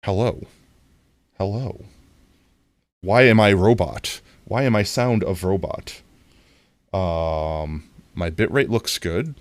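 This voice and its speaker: A man's voice: low voice, slow pace, long pauses, dry recording. A man streaming a video game live, chatting casually with his viewers and breaking into mock-dramatic outbursts. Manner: animated, talks to chat, mock-dramatic outbursts.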